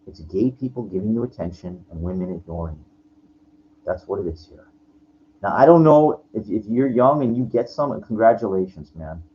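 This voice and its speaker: A man in his forties with a lowish voice vents in a rambling, profane personal rant. He restarts his sentences again and again, and the recording is lo-fi with faint noise underneath. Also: animated, moderate pace. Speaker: vlogger. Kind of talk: frustrated personal rant to camera.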